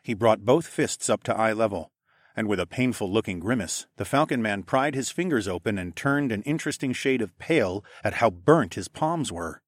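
A man narrating a first-person novel, measured and steady. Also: fairly low pitch, no echo, clean studio sound. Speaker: audiobook narrator.

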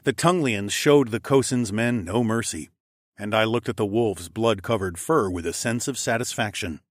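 A man's voice: fairly low pitch, moderate pace, dry recording. Man narrating an audiobook, dry sound. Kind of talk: scripted first-person narration.

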